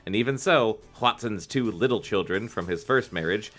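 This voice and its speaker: A man co-hosting a comedy podcast, reading a children's book aloud with jokey asides and squeaky put-on voices. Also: normal speed, a bit bright.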